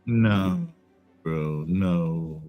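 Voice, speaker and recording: A man hosting a casual live chat, bantering in a relaxed, joking way. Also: sits low, drawn-out words, muffled recording, faint music behind. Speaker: host.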